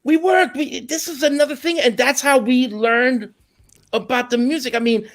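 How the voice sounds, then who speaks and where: A man's voice: very high-pitched, normal speed. A middle-aged man, a musician guest in an interview, telling stories in a casual, slangy way and slipping into Spanish now and then. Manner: animated, slangy, slips into Spanish.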